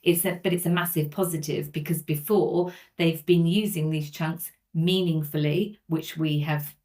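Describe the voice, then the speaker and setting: A woman's voice: sits low, steady tone, normal speed, a little mellow. A woman from England, a speech and language therapist explaining earnestly in a podcast conversation, with everyday examples.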